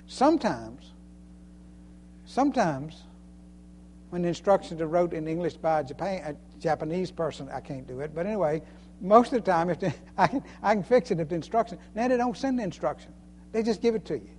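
A man's voice: sits high, expressive, a little fast, a little mellow, a little hiss or hum. A man preaching a sermon in a folksy way, chuckling often and repeating phrases for emphasis. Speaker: preacher and Sunday school teacher.

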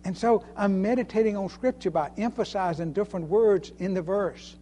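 A man's voice: high voice, moderate pace, hardly any pauses, dark tone, slight background noise. A man preaching a sermon in a folksy way, chuckling often and repeating phrases for emphasis. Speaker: preacher and Sunday school teacher.

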